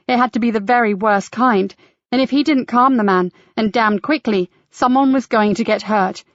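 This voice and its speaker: A woman narrating a mystery audiobook in a measured, even storytelling manner. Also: a little high, no room sound, dull audio.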